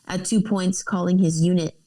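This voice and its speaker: A woman's voice: on the low side, fairly even intonation, moderate pace, dark tone, poor audio. A woman co-hosting a podcast, reading news articles aloud with casual asides and laughs.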